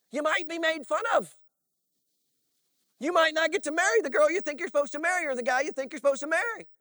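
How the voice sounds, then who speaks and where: Animated high-voiced male pastor preaching. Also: no echo, clean studio sound. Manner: animated storytelling with frequent "all right?" asides. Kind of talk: sermon.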